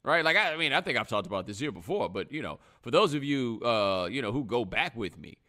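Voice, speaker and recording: A man's voice: medium pitch, a little fast. A man hosting a live stream, talking casually in slang and acting out other people's words. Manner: animated, slangy, acts out other people in quotes. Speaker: host.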